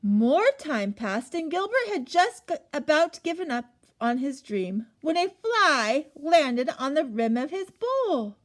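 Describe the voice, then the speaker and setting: A woman's voice: high voice, big pitch swings, slow, few pauses. A young woman reading a picture book aloud to children, asking them questions and gasping as she goes. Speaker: storyteller.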